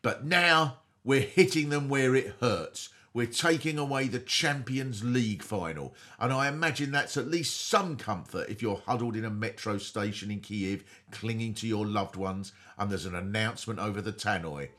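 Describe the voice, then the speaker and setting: A man's voice: on the low side, lively intonation, moderate pace, hardly any pauses, sharp tone. A man hosting a podcast, delivering a satirical comedy monologue in a sardonic, mock-earnest way. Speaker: host.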